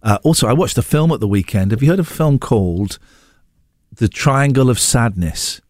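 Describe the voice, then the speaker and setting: A man's voice: mid-range voice, normal speed, dry recording, studio quality. A man hosting a radio breakfast show, chatting and arguing in a mock-indignant, bantering way. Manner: animated, mock-indignant, argumentative.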